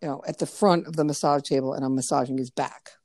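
A woman's voice: rumbling low, steady tone, quick pace, a little mellow, no room sound, clean studio sound. A middle-aged American woman chatting casually on a podcast, telling stories with frequent laughs and offhand swearing. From United States. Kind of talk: casual chat, telling anecdotes.

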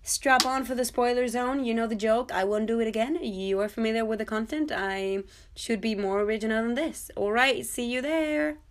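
Chatty twenty-something woman doing a podcast review, jokey and excitable, talks right to the listener. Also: on the high side, normal speed. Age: 20s. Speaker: podcast host. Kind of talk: casual TV episode review.

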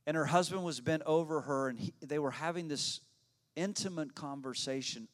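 A man's voice: a little high, moderate pace. A man, a pastor telling a personal story in a sermon, talking conversationally, often repeating his words and laughing.

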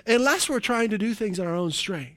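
A pastor preaches in a lively, somewhat high-pitched voice, his sermon peppered with hallelujahs. He tosses quick jokes to the congregation and checks in with "right?" between points.

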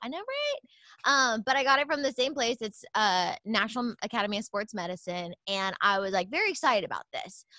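A woman's voice: a little high, big pitch swings, a little fast, pushed and bright, no room sound. A woman who is a yoga teacher and new personal trainer, speaking hesitantly with many fillers in a casual chat. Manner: hesitant, filler-heavy, openly insecure.

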